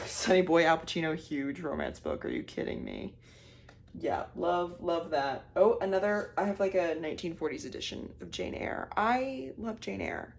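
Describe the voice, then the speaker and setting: Chatty young woman vlogging about books. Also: on the low side. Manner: chatty, rambling, self-deprecating, drops into whispers for emphasis. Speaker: book vlogger. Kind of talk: casual vlog chat.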